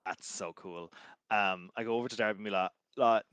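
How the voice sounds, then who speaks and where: Casual male player, lowish pitch, filler-heavy chatter, dry mic. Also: fast talker, a bit bright, no room sound. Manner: chatty, hesitant, many likes. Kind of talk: casual tabletop role-play.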